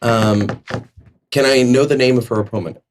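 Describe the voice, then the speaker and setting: A man's voice: mid-range voice, fairly even intonation, normal speed, slight background noise. A man playing a tabletop game, talking in a playful, hesitant way with lots of restarts. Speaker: player. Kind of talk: casual tabletop game chat.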